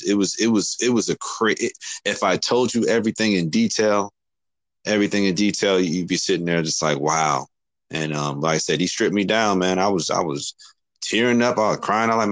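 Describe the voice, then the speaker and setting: A man's voice: low voice, brisk, no echo, poor audio. A man talking earnestly about his faith, often repeating words and calling the other man brother. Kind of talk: casual faith talk.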